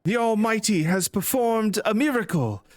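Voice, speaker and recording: A man voicing a scheming high priest who preaches grandly to his congregation. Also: lively intonation, moderate pace. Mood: grandly preaching. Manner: hushed and angry, then grand and preachy.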